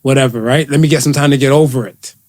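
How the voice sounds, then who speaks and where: A man's voice: medium pitch, fairly even intonation, quick pace, darkish tone. A man co-hosting a casual podcast, telling stories in a laid-back, joking manner. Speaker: podcast co-host.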